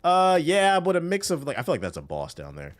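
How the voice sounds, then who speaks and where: A man's voice: fairly high pitch, huge pitch swings, brisk. A man with a Washington, D.C. accent casually chatting on a gaming stream, using loose, profane slang and answering chat while he plays. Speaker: livestreamer.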